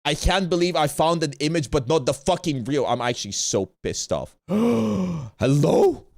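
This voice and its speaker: Ranting man streamer, lively pitch. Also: brisk, no room sound, clean studio sound. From Bosnia. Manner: ranting, swears a lot, repeats himself. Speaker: streamer hosting a watch party. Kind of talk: casual chat.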